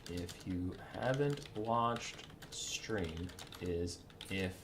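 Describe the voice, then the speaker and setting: A man hosting a game tournament, giving live commentary in an excitable way, laughing and swearing. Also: low voice, very slow, background noise. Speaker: tournament host and caster.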